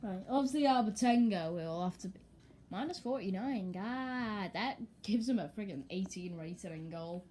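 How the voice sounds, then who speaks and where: A woman commentating casually and excitably on her own football video game as she plays. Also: medium pitch, moderate pace, slight background noise. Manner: chatty and excitable, talking to herself over gameplay. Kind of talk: let's play commentary.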